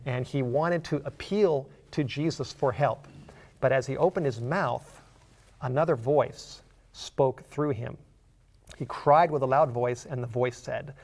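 A man's voice: medium pitch, steady tone, normal speed, gravelly. A man preaching a sermon. He explains a Bible passage as a story in an earnest way and builds to emphatic questions.

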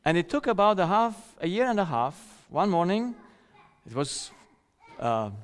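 Preaching in a hall with long reverb, a middle-aged rural man tells a personal story, now and then acting out other people's voices and often laughing. His voice sits high with big pitch swings, a little slow, clear and resonant.

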